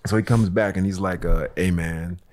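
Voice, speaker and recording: A man telling a long story in a casual chat, animated, swearing freely and acting out what people said. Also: low-pitched, a little fast. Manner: animated, swearing, acts out dialogue. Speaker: guest storyteller. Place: Los Angeles.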